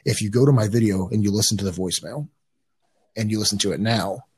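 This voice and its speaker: A man's voice: lowish voice, quick pace, breathy edge. A man guest on a podcast, telling a story casually in a rambling way, with restarts and swearing.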